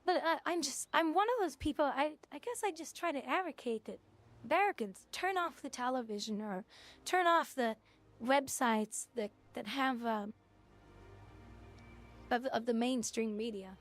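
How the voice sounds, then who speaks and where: A woman's voice: sits high, moderate pace. A young woman streamer chatting casually on a livestream, blunt and opinionated, rambling from one thought to the next.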